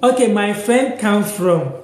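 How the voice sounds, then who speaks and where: High-voiced Ghanaian man teaching slowly. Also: animated, darkish tone, echoey room. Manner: repeats words slowly, reads out viewer comments. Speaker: language teacher on a live stream. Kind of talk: casual live-stream language lesson.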